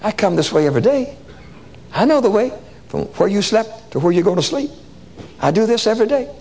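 A man's voice: high voice, big pitch swings, a little fast, gravelly, darkish tone, full character voice. A man voicing a self-assured local male guide in a spoken story, matter-of-fact and insistent. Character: a local male jungle guide, sure of himself.

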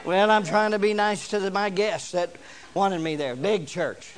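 A man preaches in a high voice, spinning folksy stories and now and then breaking into shouted praise. Faint music plays behind his sermon. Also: a little slow. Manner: folksy storytelling, shouting bursts.

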